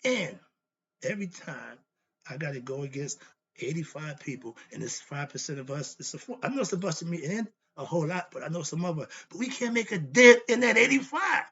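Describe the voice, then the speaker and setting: A husky, slightly high male voice with lively intonation talks a little fast over a muffled recording. In his role as host of a philosophy monologue, he lectures preachily on self-knowledge, asking and answering his own rhetorical questions in a repetitive, blunt, annoyed manner.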